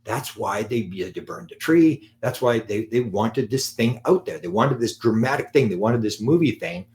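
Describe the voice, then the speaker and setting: A man telling an anecdote in a live talk, animated and acting out the quotes. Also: mid-range voice, moderate pace. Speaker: lecturer on UFOs.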